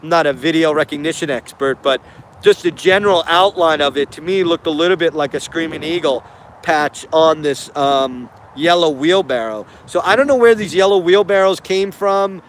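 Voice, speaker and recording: A man's voice: on the high side, normal speed, slight background noise. A man giving casual spoken commentary on video footage, hesitant and puzzled, often repeating himself.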